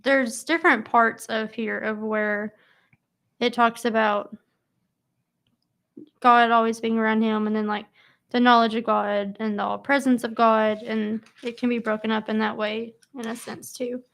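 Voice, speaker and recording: A woman reading scripture aloud, then leading a casual church Bible study slowly with many pauses and fillers. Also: on the high side, little pitch movement, creaky, a bit bright. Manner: slow, halting, with many fillers.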